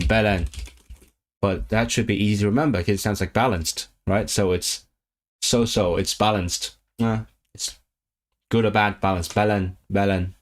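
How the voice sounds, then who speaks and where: Pitched fairly low, this voice belongs to a man from Hong Kong who livestreams his language study for his chat. He sounds words out, says them again, and fixes his own mistakes out loud.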